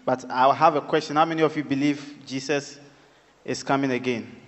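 A man's voice: mid-range voice, steady tone, brisk, in a large hall, dull audio. A man with a Ghanaian English accent performing stand-up comedy, working the crowd playfully before a live audience. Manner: crowd-working, playful, switches between English and local phrases.

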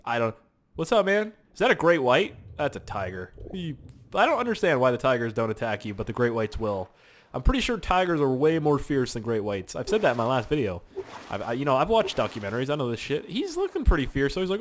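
A man's voice: medium pitch, big pitch swings, quick pace. A young man commentating a survival game, rambling, joking and talking to himself. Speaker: gaming channel host. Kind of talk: let's play game commentary.

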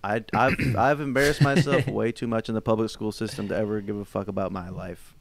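A young man co-hosting a podcast, excitable and jokey, swearing freely in casual chat. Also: on the low side, a little fast, gravelly, slight background noise. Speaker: podcast co-host.

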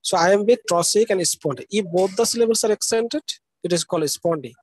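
His voice sits high and husky and moves fairly quickly, recorded roughly with no room sound. Lecturing live at a university, he explains step by step, spells words letter by letter, and checks understanding with frequent "okay?".

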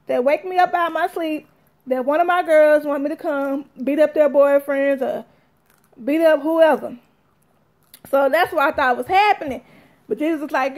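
A woman telling a story to her viewers in an animated, chatty way, calling them y'all. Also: high voice. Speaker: vlogger.

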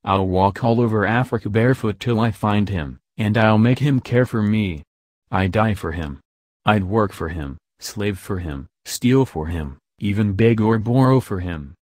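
A man's voice: on the low side, unhurried, a little mellow, no echo, studio quality. A man reading the lines of an impulsive young heroine who speaks in an earnest, heartfelt way. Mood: impassioned.

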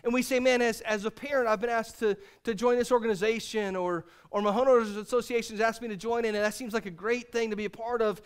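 A man's voice: very high-pitched, steady tone, quick pace, hardly any pauses, clear, resonant tone. A man preaching a sermon as pastor, earnest and repetitive, leading the congregation in a spoken refrain. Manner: earnest, repeats phrases, leads the congregation in a refrain.

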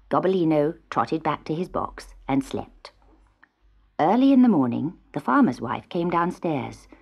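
Breathy woman reading a storybook aloud. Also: fairly low pitch. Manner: expressive, lively storytelling. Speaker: narrator. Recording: dull old cassette tape.

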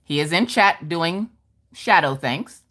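A woman's voice: low-pitched, expressive, extremely slow, fairly bright tone. A woman hosting a casual crafting livestream, greeting viewers by name and reading their comments aloud with a playful, laughing manner. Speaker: livestream host of a crafting chat.

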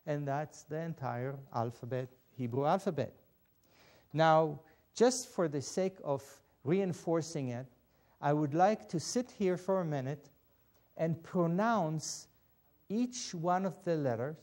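A man teaching a Biblical Hebrew lesson, patient and deliberate, spelling out each step. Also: a little high, a little mellow. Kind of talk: slow instructional lesson.

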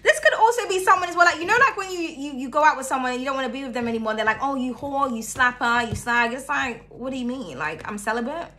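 A young woman giving a casual tarot reading, chatty and laughing often, her voice jumping between loud bursts and hushed asides. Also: high-pitched, expressive, rapid-fire, hardly any pauses. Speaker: tarot reader.

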